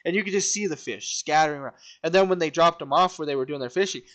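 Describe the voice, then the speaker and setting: A young man hosting a casual podcast, upbeat and excitable, quick to agree with his co-host. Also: fairly high pitch. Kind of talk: casual chat.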